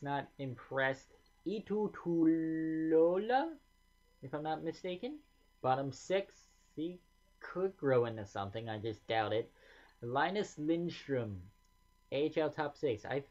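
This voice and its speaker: A man giving casual gameplay commentary as a gaming video host, thinking aloud with mumbled asides and quick self-corrections. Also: mid-range voice. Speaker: gaming YouTuber. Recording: slightly dull lo-fi sound.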